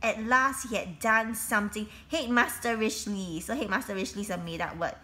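A woman reading a children's book aloud, pausing to explain the story in simple words with frequent restarts. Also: medium pitch, pushed and bright. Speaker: reader.

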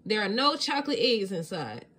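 A woman reading a children's picture book aloud, animated and laughing between pages. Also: medium pitch, moderate pace, slightly rough. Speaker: storybook reader.

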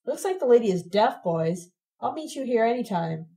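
A woman's voice: on the high side, very animated, normal speed, dark tone. A woman doing a brash young gang leader. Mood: curt, hostile. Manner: swaggering street slang.

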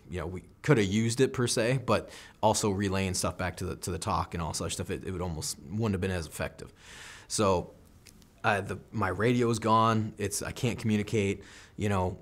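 A man's voice: sits low, fairly bright tone. An American man in his thirties, a military veteran, telling an intense first-person combat story in an interview, acting out what people said. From United States. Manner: intense first-person combat recounting, acts out quoted lines.

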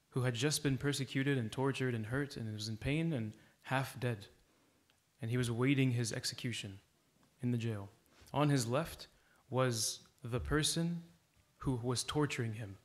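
Guy giving an earnest sermon in church, mid pitch, tells a story and urges folks on.

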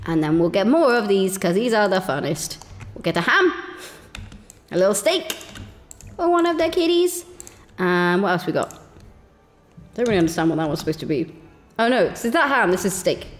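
Woman streaming a game, giggly and excitable, voice jumps all over, bit of a long echo on the mic. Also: medium pitch, slight background noise. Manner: excitable, giggly, talks to herself. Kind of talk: gameplay commentary.

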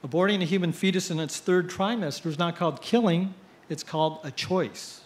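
A middle-aged man giving an after-dinner speech, telling jokes with punchline pauses. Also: high voice. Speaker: editorial cartoonist giving a speech. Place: cruise ship event.

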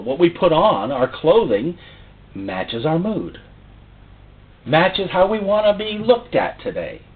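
A man preaching a sermon, theatrical, full of rhetorical questions. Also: a little high. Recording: tinny phone-like sound.

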